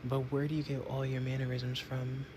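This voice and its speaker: A man's voice: mid-range voice, completely flat delivery, fairly quick, background noise. A man ranting emphatically on social media, repeating his points. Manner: emphatic, repetitive. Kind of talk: casual social media rant.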